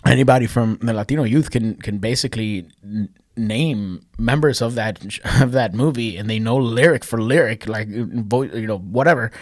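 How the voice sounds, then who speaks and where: A man in his thirties co-hosting a casual podcast, telling stories with loud, laughing acted quotes and plenty of swearing. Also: medium pitch, moderate pace, dry recording, studio quality. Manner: animated storytelling, acts out quotes with loud laughing shouts. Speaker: podcast co-host. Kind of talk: casual chat. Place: Chicago.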